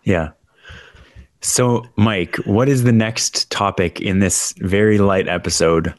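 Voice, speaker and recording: Wry low-voiced podcast co-host. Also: male voice, takes it slowly, dry recording, studio quality. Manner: joking, wry, steers the conversation. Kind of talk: casual chat.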